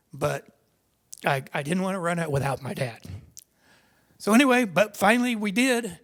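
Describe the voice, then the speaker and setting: At normal speed and in a slightly high, a bit bright voice, an older man speaks in a seminar hall. He relates his personal racing experiences in a rambling, conversational manner, restarting frequently.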